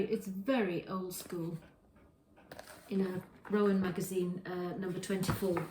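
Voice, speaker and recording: A woman's voice: fairly low pitch, darkish tone, roomy sound, slight background noise, poor audio. A woman hosting a knitting podcast from her kitchen, chatting casually in a rambling way with many restarts. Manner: rambling, with frequent restarts and self-corrections. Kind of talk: casual show-and-tell chat. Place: home kitchen.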